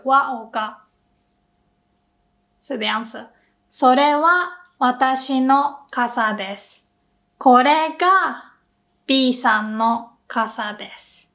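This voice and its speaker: Japanese woman, language teacher, high bright voice, playful with examples. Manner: playful, acts out example lines. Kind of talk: explaining grammar to camera.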